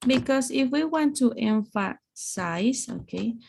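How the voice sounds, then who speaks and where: Female English teacher, slow gravelly delivery, online class. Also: fairly high pitch, animated, darkish tone, slight background noise. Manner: slow, explaining with examples. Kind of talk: online grammar lesson.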